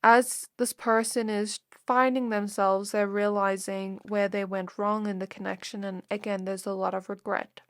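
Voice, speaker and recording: A woman reads tarot for her viewers, speaking softly and intimately at an ordinary pitch. She sounds emotional, close to tears. The recording is dry and close, with no room echo. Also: little pitch movement, normal speed, few pauses. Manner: soft, intimate, emotional and reflective. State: teary, close to crying. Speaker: tarot reader. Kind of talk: pick-a-card tarot reading.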